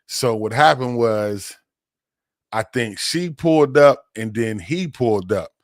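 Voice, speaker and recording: Slangy, animated man telling a story. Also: slow, no room sound, clean studio sound. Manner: slangy, animated, rises high when excited. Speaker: livestream host. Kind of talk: casual storytelling on a livestream.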